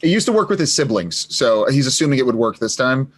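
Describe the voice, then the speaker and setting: Man, player, husky voice, lively pitch, hesitant, punning. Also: fast. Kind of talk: tabletop role-play chat.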